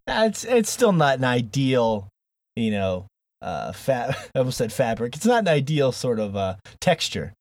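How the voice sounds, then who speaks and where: A man's voice: medium pitch, very animated, a little slow, a little mellow, no echo. A man hosting a gaming podcast in casual chat, joking, rambling and laughing often. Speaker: podcast host.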